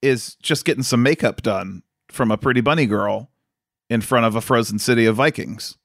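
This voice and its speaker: A mid-range, slightly bright male voice at normal speed, recorded clean in the studio with no echo. He's a podcast co-host who tells meandering stories during easygoing chat and often laughs.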